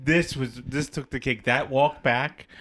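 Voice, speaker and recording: A man's voice: medium pitch, fairly even intonation, measured pace, a crowd in the background. A man co-hosting a podcast, sounding sheepish and mocking himself in casual banter. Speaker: podcast co-host.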